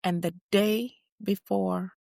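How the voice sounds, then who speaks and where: A woman playing an older female activist who looks back on her prison years in a first-person interview, telling it with emphatic, measured storytelling. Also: medium pitch, fairly even intonation, creaky, a little mellow, no room sound, clean studio sound. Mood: reflective. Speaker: guest portrayed in interview.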